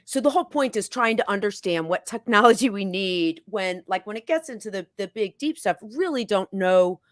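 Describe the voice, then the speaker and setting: A woman hosting an interview, chatty and quick to laugh at herself. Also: medium pitch, expressive, no echo, studio quality. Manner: chatty, laughing, self-deprecating. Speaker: host. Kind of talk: casual interview chat.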